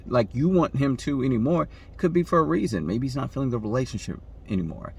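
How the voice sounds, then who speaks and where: Chatty man giving relationship advice. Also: husky. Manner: conversational, keeps asking "right?", acts out quoted voices with jumps in pitch. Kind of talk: casual advice monologue to camera.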